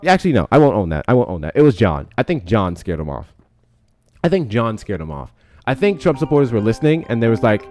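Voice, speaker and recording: A man's voice: lowish voice, very animated, quick pace, no room sound, faint music behind. A man hosting a live-stream debate show, talking loosely with lots of swearing and laughing. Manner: loud, swearing, laughs a lot. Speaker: livestream debate host. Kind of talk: casual live-stream talk.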